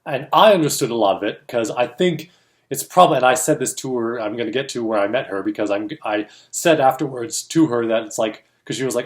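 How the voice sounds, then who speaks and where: Animated man telling a story casually. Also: mid-range voice, fast. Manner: animated storyteller acting out quoted voices, laughs often. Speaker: co-host of a film industry show.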